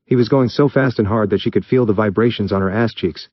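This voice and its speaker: A man with a low voice reads a story aloud in steady, even narration. The recording is dull and muffled, with a dry, close sound and no room echo. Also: fast. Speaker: story reader. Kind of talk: reading fan fiction aloud.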